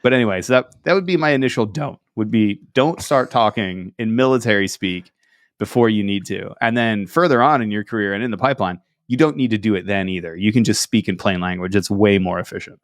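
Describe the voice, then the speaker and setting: A low-voiced man talks in a casual, sarcastic podcast chat and often acts out other people's lines in a mocking tone. The sound is dry and close, with no room echo. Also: a little fast. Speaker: podcast co-host.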